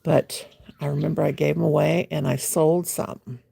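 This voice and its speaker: A woman's voice: deep voice, steady tone, moderate pace, vocal fry, mellow, husky, dry recording. A woman hosting a late-night home livestream, chatting in a rambling, playful way and greeting viewers by name. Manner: teasing, playful, mimics a gushing voice. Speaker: livestream host. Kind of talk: casual livestream chat.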